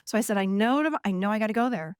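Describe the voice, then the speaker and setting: Animated woman host, dry close sound. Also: mid-range voice, fast talker, smooth, no room sound. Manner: animated, acts out her own heated quotes. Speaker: podcast host. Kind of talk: personal storytelling about emotions.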